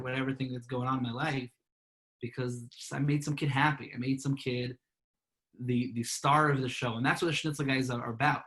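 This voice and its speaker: A man being interviewed about his life, talking earnestly and warmly, often repeating and restarting words. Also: medium pitch, fairly even intonation, brisk, low-quality recording. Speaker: guest, part-time professional clown. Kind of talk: earnest conversational storytelling.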